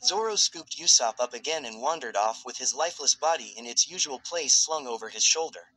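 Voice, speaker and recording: A man reading fan fiction aloud as a narrator in a steady, even storytelling voice. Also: mid-range voice, brisk, rough recording.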